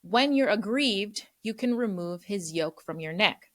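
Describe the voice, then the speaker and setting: A woman voicing an old father who is blind, speaking slowly and solemnly. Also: mid-range voice, animated, lightly acted.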